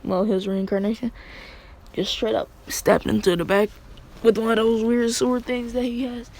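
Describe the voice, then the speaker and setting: A woman's voice: on the high side, level tone, moderate pace, darkish tone, rough recording. A woman casually retelling a story in a rambling way, full of fillers.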